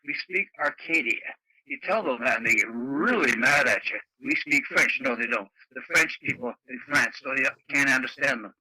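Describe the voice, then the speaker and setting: A man's voice: mid-range voice, normal speed, sharp tone, slightly rough, dry recording, poor audio. A man in a rambling, folksy casual chat over the radio. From Canada. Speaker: radio net regular.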